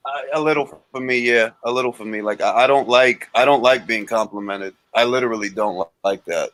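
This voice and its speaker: A man co-hosting a casual boxing talk livestream, animated and repeating himself for emphasis. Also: medium pitch, brisk, no room sound. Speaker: boxing show co-host.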